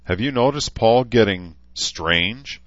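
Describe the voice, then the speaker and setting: A man voicing a careful, formal male council member who speaks in measured words, in a dull, dry recording. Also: on the low side, expressive, a bit bright, dry recording, pitched above the performer's own voice.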